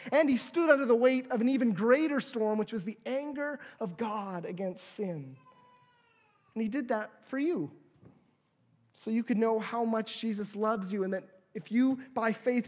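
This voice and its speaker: A man preaching a sermon, lively and playful, bringing volunteers up to act out the story. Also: very high-pitched. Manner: lively, playful, lets out small laughs. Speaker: pastor.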